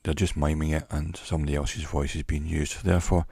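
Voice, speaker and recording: A man giving an educational talk in a measured, reflective way, pausing often between phrases. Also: extremely low pitch, level tone, creaky, darkish tone, breathy edge, no echo, clean studio sound. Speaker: teacher. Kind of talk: educational monologue.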